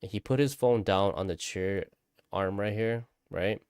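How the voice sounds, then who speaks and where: A man's voice: on the low side, a little slow, darkish tone, clean tone, dry recording, clean studio sound. A man casually telling a spooky story, rambling, repeating himself and swearing often. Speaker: vlogger.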